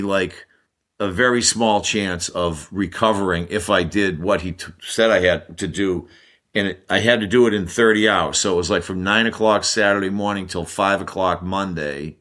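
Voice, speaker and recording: An American man in his sixties sits in as a podcast guest, telling an old sports story at length. His voice sits low, but he drives it with a bright, forceful edge. He slips in and out of other people's voices as he goes. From United States. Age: 60s. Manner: animated, acts out the people in his stories. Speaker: guest, former Olympic hockey player.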